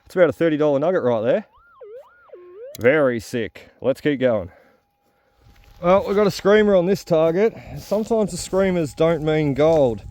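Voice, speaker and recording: A man running a metal detecting channel narrates outdoors in the bush while detecting, addressing his viewers directly. He is expressive, fairly high-pitched and a little mellow, speaking at a moderate pace in a dry recording.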